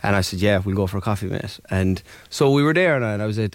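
A man's voice: fairly low pitch, fast talker, hardly any pauses, no echo. An Irish man, a DJ guest on a radio show, chatting easily and telling stories with plenty of ums. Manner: easygoing storyteller, many ums and mates. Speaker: DJ and producer guest. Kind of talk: casual radio interview chat. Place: radio studio.

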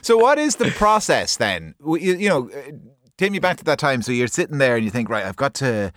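A man's voice: mid-range voice, very animated, brisk, fairly bright tone, no room sound, studio quality. A man hosting a radio interview, asking chatty questions and laughing along with his guest. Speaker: radio presenter. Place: radio studio.

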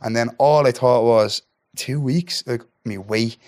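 A man's voice: mid-range voice, moderate pace. A young man with a Dublin accent, a podcast guest retelling a story in casual chat and acting out the dialogue. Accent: Irish, Dublin. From Ireland. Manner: animated retelling, acts out dialogue, keeps asking "do you know what I mean". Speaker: podcast guest, MMA fighter.

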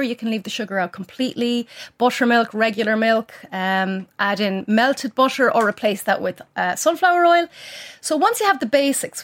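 A middle-aged woman, chatting practically as a cookbook author guest and sharing quick cooking tips. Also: a little high, fairly bright tone. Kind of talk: casual cooking chat.

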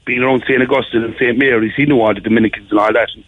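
A man's voice: mid-range voice, steady tone, racing, no echo. A man with a Cork accent, calling in to a radio show, chatting casually and rambling with lots of fillers. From Ireland. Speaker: caller. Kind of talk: casual chat. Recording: tinny phone line.

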